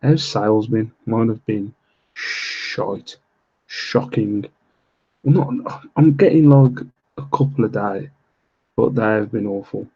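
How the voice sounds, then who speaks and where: A British man hosting a late-night live stream from home, talking quietly so he won't wake his kids, rambling casually with fillers and little laughs. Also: on the low side, takes it slowly, long pauses, husky, lo-fi sound. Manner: rambling, with many fillers and self-deprecating laughs. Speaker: live stream host reselling items online. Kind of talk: casual live-stream chat while reading viewer comments.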